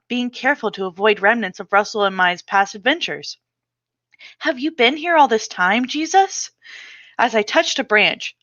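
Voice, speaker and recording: A woman author giving an expressive, dramatic reading from her memoir, on a slightly muffled recording. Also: mid-range voice, no room sound.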